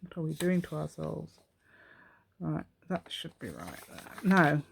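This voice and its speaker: A woman hosts a relaxed craft tutorial, talking to herself as she works. Her voice sits a little low, and she speaks at an unhurried pace. She rambles chattily from step to step. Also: gravelly, a little hiss or hum. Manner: chatty, rambling, talks to herself while working. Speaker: craft channel host. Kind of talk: casual craft tutorial, thinking aloud.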